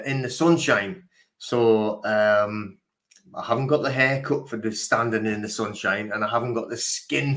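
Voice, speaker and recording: A man hosting a casual livestream, talking in a halting, rambling way with many fillers, emotional and grieving. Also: fairly low pitch, fairly bright tone. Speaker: livestream host. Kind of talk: casual live-stream chat.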